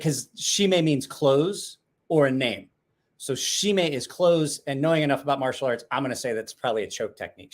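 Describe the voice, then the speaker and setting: A man hosting a casual livestream, chatting and rambling with frequent restarts and asides. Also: on the high side. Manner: rambling, self-correcting, chatty. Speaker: livestream host.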